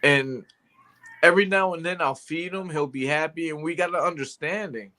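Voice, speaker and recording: A man's voice: on the high side, moderate pace, pushed and bright. A man co-hosting a casual talk show, laid-back and using slang and casual swearing. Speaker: co-host. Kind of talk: casual chat.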